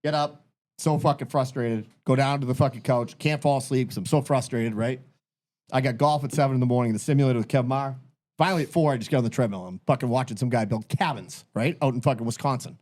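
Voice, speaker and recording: A man's voice: mid-range voice, fast talker, a little mellow. A man in his thirties co-hosting a podcast, ranting in a tired, exasperated way and swearing constantly. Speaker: podcast co-host. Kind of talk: casual chat.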